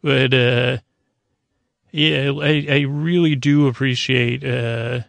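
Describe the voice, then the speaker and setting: A man's voice: mid-range voice, steady tone, takes it slowly, vocal fry, a bit bright, no echo. A man hosting a podcast, recapping an episode in a casual, rambling way with playful asides. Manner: rambling, with frequent ums and restarts. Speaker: podcast host.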